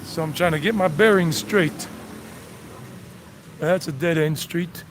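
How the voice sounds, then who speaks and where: Middle-aged American man, slightly high voice, rambling live-stream tour guide recorded outdoors over traffic. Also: unhurried. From United States. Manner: rambling, repeats himself, sings song snippets. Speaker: vlog host giving a walking tour. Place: outdoors on city streets. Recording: outdoor street noise behind voice.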